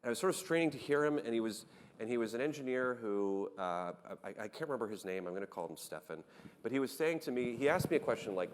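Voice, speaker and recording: A man on a conference panel, telling anecdotes in an animated way with many restarts. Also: mid-range voice, fast, big-room sound, a little hiss or hum. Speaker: panel guest, startup founder.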